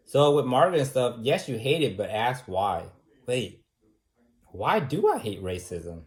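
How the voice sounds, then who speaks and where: A man's voice: mid-range voice, big pitch swings, measured pace. A man teaching a debate class in an informal, talky way, firing off repeated rhetorical questions and using casual fillers.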